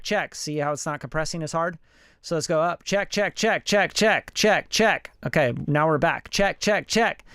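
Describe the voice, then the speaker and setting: A man's voice: fairly high pitch, a bit bright, clean tone, dry recording. A man hosting a casual hands-on studio lesson, talking loosely and conversationally as he runs mic checks on his vocal chain. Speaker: studio engineer and host. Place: home recording studio. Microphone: studio vocal mic through preamp and compressor.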